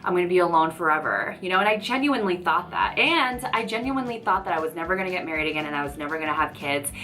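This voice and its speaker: A woman's voice: fairly low pitch, racing, bright, forceful tone. A woman in her thirties chatting to camera as a YouTuber, rambling and emotional, often saying "you know". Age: 30s. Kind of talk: casual chat to camera. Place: tenth-floor office.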